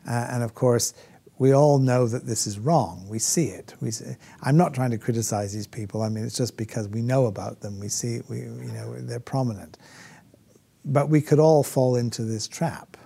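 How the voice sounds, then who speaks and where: This man's medium-pitched voice is gravelly and dark with a breathy edge, delivered at an ordinary speed. Lecturing on theology unscripted in a classroom, he falters with frequent fillers and restarts, poses rhetorical questions, and parodies critics.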